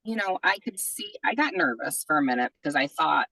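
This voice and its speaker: Woman host, low voice, dry close sound, chatty storyteller with lots of fillers. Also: animated, a little fast, bright, forceful tone, slightly rough, no room sound, poor audio. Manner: chatty, full of "like" and "you know". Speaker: podcast host. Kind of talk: casual storytelling.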